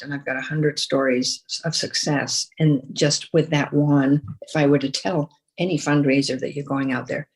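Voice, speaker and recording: Older woman guest, veteran fundraiser, lower register, anecdotal and animated with lots of restarts. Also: normal speed. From United States. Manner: storytelling, animated, many restarts and repeated words. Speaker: guest, former chief fundraiser. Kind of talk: conversational podcast interview.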